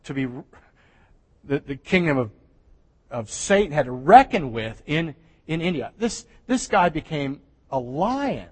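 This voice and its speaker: A man's voice: fairly high pitch, breathy edge. Man preaching in a reverberant church. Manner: conversational preaching with restarts and soft laughs. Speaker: pastor. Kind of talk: sermon. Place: church sanctuary.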